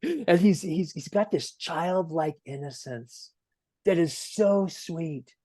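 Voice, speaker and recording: A man giving a gentle, earnest sermon as a minister, telling stories at an easy pace with emphatic swells. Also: fairly high pitch, slow pace, no echo, studio quality. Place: church sanctuary.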